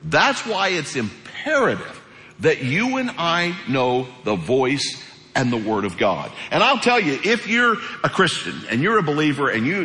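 A male pastor preaching a sermon in a church sanctuary. He speaks in a colloquial, animated way and acts out the voices he quotes. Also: a little high. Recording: echoey hall reverb.

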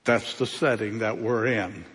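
A man preaching a sermon as pastor, speaking with slow, emphatic delivery and long pauses. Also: lowish voice, steady tone, fairly bright tone, in a large hall.

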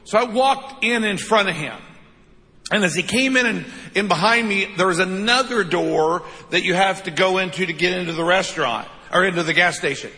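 Man, fifties, pastor, sermon, chatty storyteller, high-pitched voice. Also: moderate pace, pushed and bright, long reverb tail. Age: 50s. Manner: storytelling with self-deprecating humor, frequent "right?" asides.

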